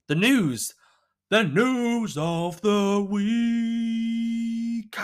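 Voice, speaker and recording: Animated, sweary podcast host. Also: male voice, medium pitch. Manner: animated, swears freely, laughs often. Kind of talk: casual solo podcast chat.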